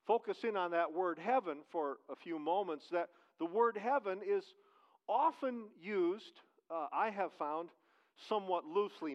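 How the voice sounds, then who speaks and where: A man, preaching a sermon as pastor in a conversational way, with restarts and rhetorical questions. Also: sits high. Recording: dull, lo-fi church recording.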